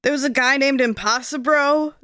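A woman's voice: high voice, moderate pace, pushed and bright, no room sound. A woman playing in a tabletop game, chatty and joking. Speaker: player. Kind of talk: casual tabletop play.

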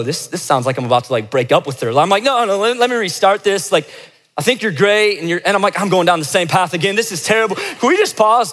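A young pastor's voice, slightly high and fairly bright, carries through a hall with long reverb. Leading the service, he tells his congregation a funny story in a relaxed, joking way, acting out what people said.

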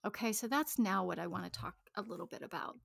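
A woman's voice: medium pitch, fast talker, gravelly, no echo, studio quality. A woman in her thirties telling her own story to an audience, intimate and emotional, often dropping into a whisper. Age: 30s. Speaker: speaker on money and shame. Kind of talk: personal talk to an audience.

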